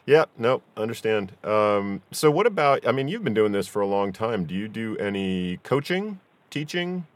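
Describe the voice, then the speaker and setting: A man's voice: fairly low pitch, big pitch swings, normal speed, dry recording. A man hosting a podcast interview, easygoing and affirming, with lots of fillers. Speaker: podcast host. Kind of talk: casual interview chat.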